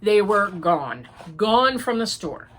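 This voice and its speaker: An older American woman hosts a crafting podcast, rambling chattily in a mid-range, fairly bright voice. She's very animated, though her pace is slow.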